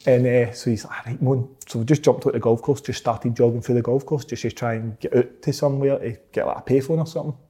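Animated Scottish man telling a story. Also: medium pitch, quick pace, few pauses. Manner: animated, laughs often, acts out quotes. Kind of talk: casual storytelling.

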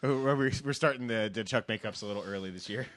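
A man's voice: fairly low pitch, quick pace, fairly bright tone, slight background noise. A man in a casual chat with friends, making wry, sarcastic asides.

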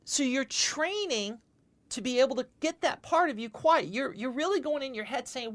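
A female spiritual teacher with a voice that sits high talks at a moderate speed, delivering a lecture and responding to questions. She's lively, tends to say words more than once, and often pauses to ask "okay?"

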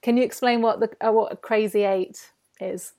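A woman's voice: mid-range voice, fairly even intonation, normal speed, dark tone. A woman hosting a podcast, asking questions in a reflective, friendly conversational way. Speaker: podcast host. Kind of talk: casual interview.

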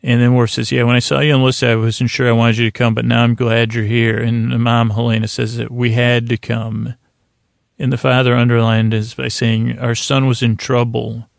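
A man hosts a sleep podcast, recapping a TV episode in a meandering, earnest ramble full of restarts. His voice is gravelly and flat in pitch. The recording is dry and close. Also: dry recording. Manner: meandering, many restarts and fillers, quietly earnest.

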